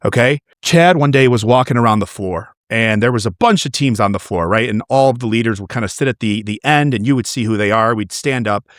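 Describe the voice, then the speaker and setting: A man coaching a loan officer in a conversation, an animated storyteller who repeats words when he gets fired up. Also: mid-range voice, fairly quick, few pauses, dry recording, clean studio sound. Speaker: mortgage team coach.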